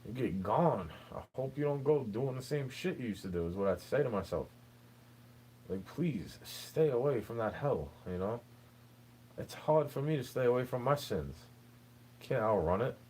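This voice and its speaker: A young man of medium pitch and lively intonation talks at normal speed, his tone a little mellow, as he rants off the cuff to the listener with rambling grievance and frequent "bro"s. Low-quality recording with slight background noise.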